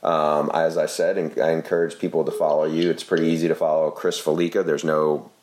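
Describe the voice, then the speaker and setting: Low-voiced man hosting, rambling casually. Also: little pitch movement, brisk, a little mellow. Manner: rambling, self-correcting. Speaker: podcast co-host. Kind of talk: casual podcast chat.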